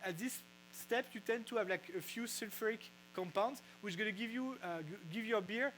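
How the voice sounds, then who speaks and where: A man with a French accent giving a casual science talk, halting with many fillers and restarts. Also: high voice, a bit bright, slight background noise, poor audio. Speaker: physicist explaining brewing science. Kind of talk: casual lecture. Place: brewery.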